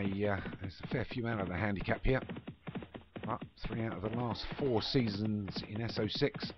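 A man with a low, deep voice calls a horse race in a chatty, self-deprecating manner. He rattles off runners and riders, stumbling into fillers now and then. The recording is dull and lo-fi, with loud noise under it. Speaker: race commentator. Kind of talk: horse racing commentary for an online game league.

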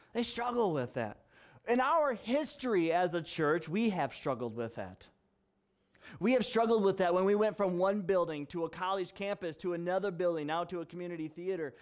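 Pastor, male, high-pitched, conversational sermon delivery, animated storyteller who does the voices. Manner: animated storytelling, acting out dialogue, frequent laughs.

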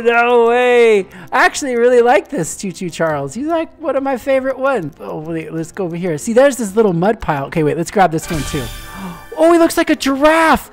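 Excitable woman narrating gameplay. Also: on the high side. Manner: gasping, squealing, playful sound effects. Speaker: gaming video host.

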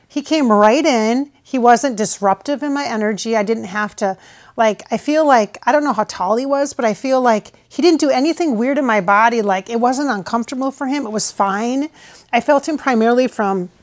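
A woman's voice: a little high, moderate pace. An American woman talking casually to camera in a rambling, hesitant way, often restarting her sentences. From United States. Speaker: channeler. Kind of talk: casual spoken reflection to camera. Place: at home with her husband filming.

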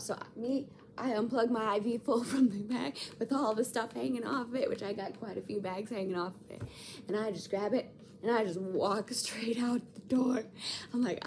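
A woman's voice: medium pitch, a little fast, warm tone, slight background noise. A young woman in her twenties filming in a hospital room, animatedly telling a story with dramatic asides. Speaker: vlogger. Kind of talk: casual storytelling.

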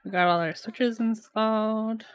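A woman's voice: on the high side, fairly even intonation, a little slow, clear, resonant tone, dry recording, highs cut off. A young woman streaming from home as she builds a keyboard, chatting casually with frequent giggles and lots of "like". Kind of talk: casual live-stream chat.

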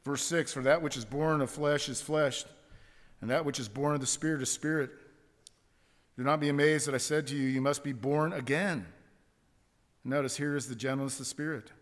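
Emphatic preacher in a reverberant church. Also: male voice, medium pitch, steady tone, moderate pace. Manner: emphatic, repeats phrases for stress. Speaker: pastor. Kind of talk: sermon. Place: church sanctuary. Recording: long church hall reverb.

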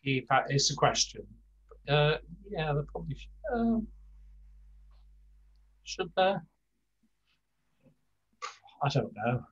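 An older man teaching a Spanish class over a video call, talking slowly with many fillers and restarts. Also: on the high side, big pitch swings, dull audio. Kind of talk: online language lesson.

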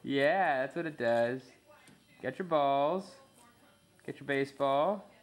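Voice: medium pitch, slow pace. A parent at home, filming their baby on a handheld camcorder and coaxing them in playful, sing-song baby talk.

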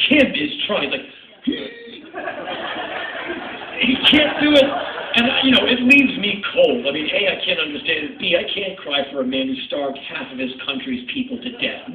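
A middle-aged man performing a spoken word story on stage, with an animated, sardonic, punchy delivery. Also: high voice, normal speed, a crowd in the background. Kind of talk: stand-up storytelling. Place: nightclub stage. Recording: echoey club audio, tinny and distant.

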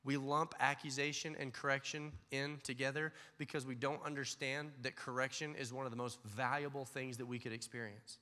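In a church sanctuary with a big-room sound, a pastor with a medium-pitched, sharp voice preaches a sermon to his congregation. He tells stories and acts out the voices of the people in his anecdotes.

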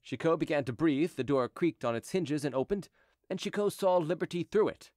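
A man narrating an audiobook in a scripted, expressive reading. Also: on the high side, fairly quick, dry recording, studio quality.

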